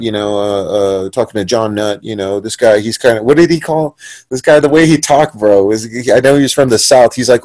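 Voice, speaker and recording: Young San Diego man, podcast guest; animated storyteller with mid pitch, dry close mic. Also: fast talker, dry recording. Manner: animated, profane, acts out quoted voices. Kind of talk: casual storytelling.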